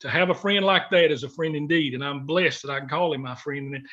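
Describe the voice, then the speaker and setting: A man's voice: on the high side, a little fast, a bit bright. Guy middle aged, folksy heartfelt storytelling, gets choked up, kinda dull lo-fi audio. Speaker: guest, former gospel singer. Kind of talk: emotional storytelling interview. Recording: dull lo-fi recording.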